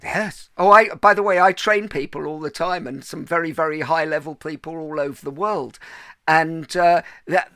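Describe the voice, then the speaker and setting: A man's voice: fairly high pitch, steady tone, moderate pace, sharp tone, smooth, dry recording. Man hosting a podcast, dry sound. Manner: conversational, asks open questions. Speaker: podcast host. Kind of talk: interviewer chat.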